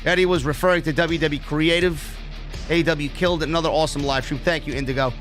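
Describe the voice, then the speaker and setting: A man's voice: a little high, fairly even intonation, fast, a bit bright, faint music behind. A man hosting a live wrestling review stream, reading viewer super chats aloud and chatting casually with plenty of swearing. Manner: casual, profane, reads donor messages aloud.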